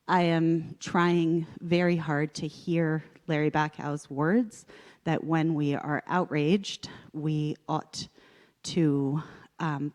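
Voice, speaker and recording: Slow, low-pitched female participant, emphatic, in a reverberant hall. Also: darkish tone. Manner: emphatic, with many fillers. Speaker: class participant. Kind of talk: group discussion.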